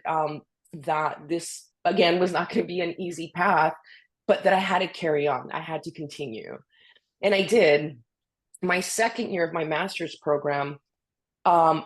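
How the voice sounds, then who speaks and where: A woman giving a guest talk, telling a personal story in an earnest, lively way with many "you know"s. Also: low voice. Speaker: guest speaker.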